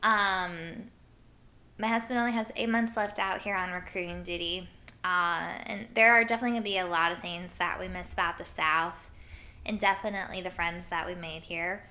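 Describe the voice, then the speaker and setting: A woman's voice: fairly low pitch, fairly even intonation, moderate pace, pushed and bright. A young woman from Iowa hosting her own show, telling stories in a chatty way full of "like" and the odd swear word. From Iowa, USA. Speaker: podcast host. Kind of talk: casual storytelling monologue.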